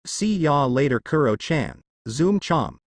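A man's voice: on the high side, very animated, slow pace, no echo, clean studio sound, heavily acted. A man voicing a cocky, cold young male ninja who mocks and threatens in a taunting manner. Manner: taunting and mocking.

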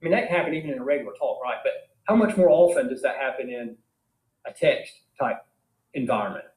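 A man's voice: medium pitch, animated, fast, darkish tone. A man giving an informal philosophy lecture in an emphatic way, asking his class many rhetorical questions. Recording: echoey room.

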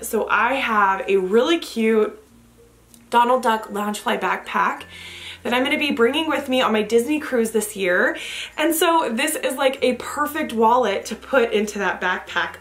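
Gushing, excitable woman vlogger. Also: on the high side, a little slow. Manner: gushing, excitable, lots of gasps and exclamations. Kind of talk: unboxing haul video.

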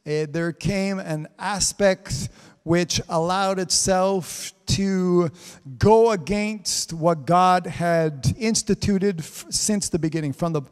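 A man's voice: sits high, slow pace, clean tone. A man preaching a live-streamed sermon, fervent and punctuated with amens and hallelujahs. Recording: reverberant hall sound.

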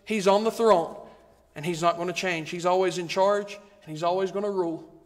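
A man's voice: sits high, fairly even intonation, moderate pace. A man preaching a sermon, in a rhythmic, repetitive style that builds emphasis. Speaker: guest preacher. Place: church sanctuary. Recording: long reverb of a church hall.

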